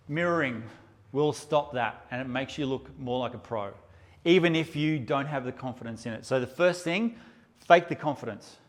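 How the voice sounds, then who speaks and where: Teaching his photography workshop live, this man speaks at an even, moderate pace with a mid-range pitch. He addresses the crowd brashly, joking around and cursing without restraint.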